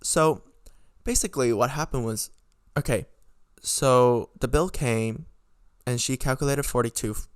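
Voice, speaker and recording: A young man rants a storytime straight into his camera, cursing freely and tripping over fillers as he builds his grievance. His voice sits at an ordinary middle pitch. The sound is close and dry, with no room echo. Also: a little slow, pauses often. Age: young adult. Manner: animated, swearing, frustrated rambling with many fillers. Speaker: podcast host. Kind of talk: casual storytime rant. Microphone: own camera recording.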